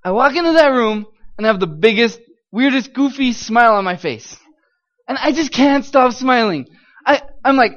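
Animated high-voiced man telling a story. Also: brisk, dull audio. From United States. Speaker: missionary speaker. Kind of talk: church testimony talk. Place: church.

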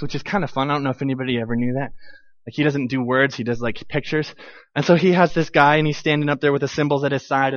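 A man preaching a sermon in a lively, conversational way, acting out little scenes and asides as he goes. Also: medium pitch, dry recording, lo-fi sound. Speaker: pastor.

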